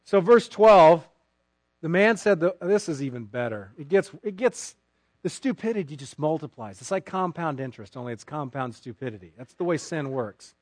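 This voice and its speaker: A man preaching a sermon as pastor, sarcastic and animated, acting out mock quotes from people he disagrees with. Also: on the high side, normal speed, no room sound.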